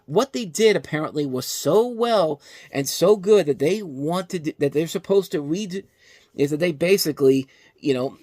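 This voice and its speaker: A man's voice: fairly high pitch, no room sound, studio quality. Exasperated male film reviewer ranting. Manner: animated ranting, exasperated, self-interrupting. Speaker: film review show host. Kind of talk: casual movie review monologue.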